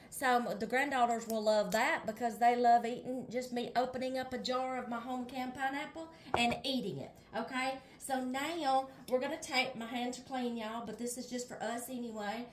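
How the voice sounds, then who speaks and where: A woman's voice: a little high, moderate pace. An older woman with a Southern US accent, chatting casually to viewers while she cooks in her home kitchen. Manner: chatty, keeps addressing viewers as y'all and checking okay. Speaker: home cooking vlogger. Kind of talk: casual cooking demonstration.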